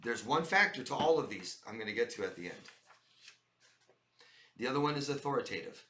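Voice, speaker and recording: In a reverberant room, a man with a mid-range voice delivers a direct-to-camera advice monologue, animated and brisk but with long pauses, his delivery pushed and bright. He coaches viewers on life, addresses them as "guys," and stresses and repeats each point.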